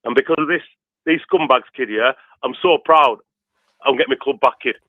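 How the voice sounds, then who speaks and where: Fired-up yorkshire bloke in his 50s ranting down a tinny phone line, dry sound, pitched a bit high. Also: fairly quick, no room sound. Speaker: caller. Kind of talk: passionate phone-in rant.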